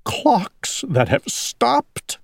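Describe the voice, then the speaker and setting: A woman voicing a gentle, earnest male owl who frets and weeps in a picture book read-aloud; Chinese is her first language. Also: low voice, sing-song, slow, no room sound, full character voice. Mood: sad, musing.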